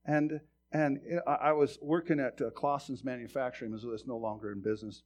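A man in his fifties preaching a sermon, telling a personal story in a conversational way, often restarting words and swinging from loud preaching to quiet asides. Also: mid-range voice, level tone, brisk. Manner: stammering restarts. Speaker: pastor.

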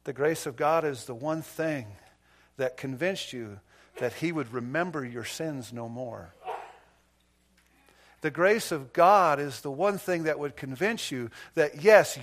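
A man preaching a sermon as pastor, moving from quiet, intimate stretches to loud, emphatic passages, with anecdotes and light self-deprecating asides. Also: fairly high pitch, expressive, unhurried.

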